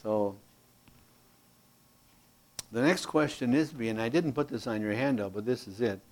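A man teaching a Bible class from a handout, animated and folksy, with playful asides and loudness that swings from emphatic to hushed. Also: medium pitch, a little slow.

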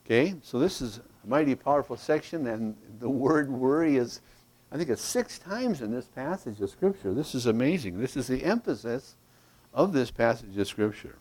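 A man's voice: medium pitch, lively intonation, moderate pace, a little mellow. A man preaching a sermon to his congregation, reading Scripture aloud and checking in with them. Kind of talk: verse-by-verse sermon.

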